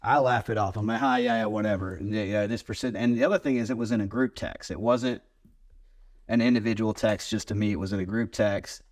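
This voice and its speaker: A man as a podcast guest, telling a long story in a lively, rambling way and swearing freely. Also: on the low side, a little fast. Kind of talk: casual storytelling chat.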